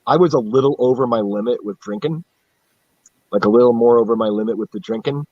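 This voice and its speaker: A husky man from central upstate New York rambles on a live stream in casual chat, cursing through his tales and laughing at himself. His middle-pitched voice is brisk and a little mellow, captured dry and a bit dull on a lo-fi mic with no room sound.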